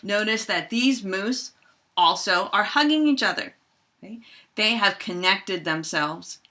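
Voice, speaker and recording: Woman, chemistry teacher, animated, bright tone, playful lesson with toys. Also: unhurried. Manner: animated, acts out toy bears in squeaky voices. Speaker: high school chemistry teacher.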